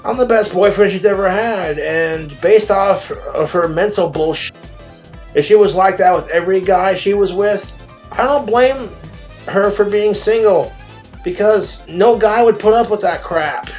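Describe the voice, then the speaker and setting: A man's voice: high-pitched, unhurried, a little mellow, faint music behind. A man ranting in a vlog, swearing often and sounding aggrieved about being hounded. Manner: crude, profane, aggrieved. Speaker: online video creator.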